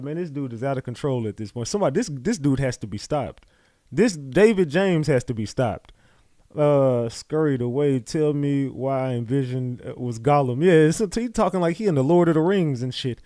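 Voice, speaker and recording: Dude ranting over court testimony, cussing, mocking, dry close mic. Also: male voice, mid-range voice, expressive, normal speed, darkish tone, no echo. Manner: incredulous, profane, mocking. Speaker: commentator on a trial. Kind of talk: casual commentary reading court notes.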